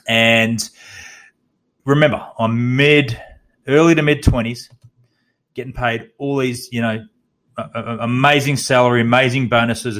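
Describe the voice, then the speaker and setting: A man in his thirties with an Australian accent, hosting a podcast and telling a candid personal story, swearing and restarting his sentences. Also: mid-range voice. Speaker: podcast host.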